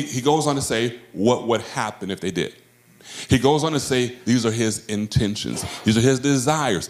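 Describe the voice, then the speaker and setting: A male pastor preaching a sermon, with emphatic delivery that swings between high, drawn-out phrases and low, quiet ones. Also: expressive. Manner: emphatic preaching with wide swings in pitch and loudness. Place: church sanctuary. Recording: roomy church echo.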